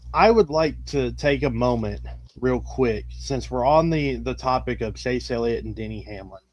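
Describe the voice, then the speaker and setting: Halting man hosting a podcast. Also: mid-range voice, dry recording. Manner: halting, frequent uh fillers. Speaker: podcast host. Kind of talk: casual chat.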